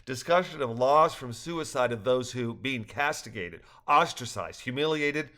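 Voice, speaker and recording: Older man, storyteller, earnest, reflective, middle-pitched, soft laughs now and then. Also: expressive, a little slow. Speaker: narrator. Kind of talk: reading a personal story aloud.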